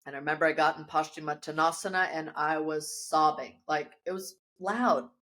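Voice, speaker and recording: A woman yoga teacher, a podcast guest, telling a personal story in a lively, animated way with frequent restarts, recorded in her studio. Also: low voice, normal speed. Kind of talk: casual storytelling interview.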